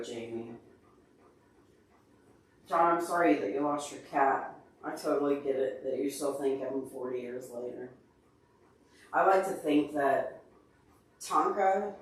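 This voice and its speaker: A man's voice: a little high, slight background noise. Emotional man talking from far off. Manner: emotional, earnest, openly tearful; talks to viewers by name. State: upset and teary. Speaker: livestream host answering chat. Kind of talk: casual livestream chat. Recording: very echoey room, far from mic.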